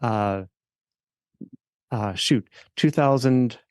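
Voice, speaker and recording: A middle-aged man, an attorney and podcast guest, recounting a personal story in a halting way with many fillers and restarts. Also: mid-range voice, no room sound.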